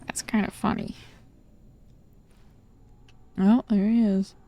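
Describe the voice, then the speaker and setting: A woman streaming a game, musing aloud in slow, trailing casual commentary. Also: mid-range voice, flat delivery, dark tone.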